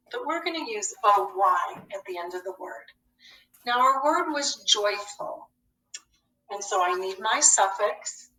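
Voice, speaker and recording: A woman teaches a children's phonics lesson at a slow, careful pace and spells each word out one letter at a time. Her voice is bright and clear. It is heard from a little way off in a room with noticeable echo. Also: mid-range voice, far from the mic. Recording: echoey room, voice a bit off-mic.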